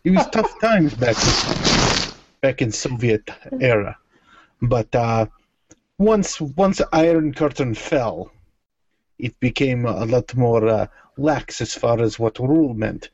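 A man putting on a mock-Russian accent with broken English and deadpan jokes. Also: medium pitch, takes it slowly, breathy edge, no room sound, heavily acted. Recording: dull lo-fi sound with faint noise.

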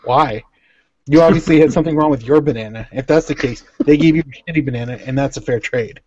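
A man co-hosting a casual podcast, trading jokey deadpan asides with his friends. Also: mid-range voice, quick pace, highs cut off, a crowd in the background. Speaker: podcast co-host.

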